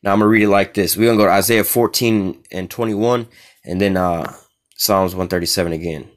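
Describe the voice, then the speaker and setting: A man's voice: deep voice, steady tone, fairly quick. A man teaching scripture in a loose, casual way. He reads verses aloud and explains them bluntly in street talk, with many fillers and a constant "all right?". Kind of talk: informal scripture lesson.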